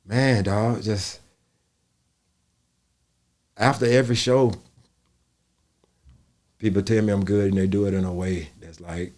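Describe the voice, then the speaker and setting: A middle-aged male comedian with a fairly low voice tells stories in an easy, profane way. He talks casually and reflectively, sprinkling in slang and asides to the listener. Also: unhurried, pauses often. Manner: animated, profane storytelling that jumps into loud high quoted voices. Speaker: comedian interviewee. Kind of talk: casual storytelling interview.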